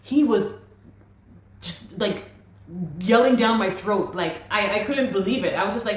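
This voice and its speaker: A woman recounting a personal story as an interview guest, animated and acting out the dialogue of others. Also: mid-range voice, measured pace, a little hiss or hum. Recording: roomy echo.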